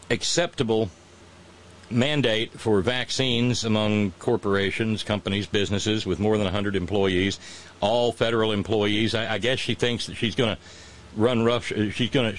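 A man delivering a sardonic satirical monologue, mocking with drawn-out pauses and asides. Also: on the low side. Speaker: comedic commentator.

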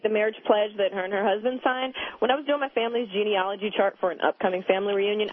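A woman from Virginia calls in to a radio show. She talks earnestly, a little hesitant, pausing on fillers. Her voice comes through a thin, tinny phone line. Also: medium pitch. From Virginia, USA. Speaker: caller.

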